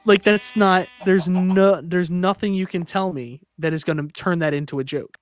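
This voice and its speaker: A man talking casually on a livestream, his voice sitting a bit high for a man. He rambles and restarts his sentences, sounding exasperated. Faint music plays behind him. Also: fairly even intonation, normal speed. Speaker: streamer.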